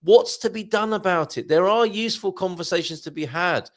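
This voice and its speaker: A man's voice: high-pitched, a little fast, fairly bright tone. A man hosting a live chat show, prompting his guests with questions and laughing easily. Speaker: show host.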